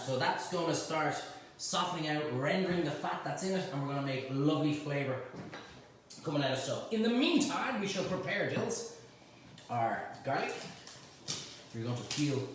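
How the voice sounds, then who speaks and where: A man's voice: on the high side, animated, normal speed, long pauses. Chatty Irish man cooking in an echoey kitchen. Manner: chatty, teasing banter with helpers. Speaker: cooking show host. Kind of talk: live cooking demonstration. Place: home kitchen. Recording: echoey kitchen, mic at a distance, faint noise.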